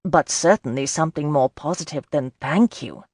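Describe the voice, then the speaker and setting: A woman's voice: deep voice, moderate pace, darkish tone, slightly rough, no room sound. A woman voicing a sensible, wry young Regency lady in an audiobook, speaking with dry, teasing reason. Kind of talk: audiobook character voice.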